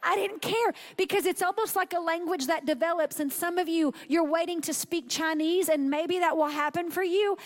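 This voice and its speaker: A woman preaching a sermon in a conversational, animated way, acting out the inner voices of her listeners. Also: very high voice, moderate pace, few pauses.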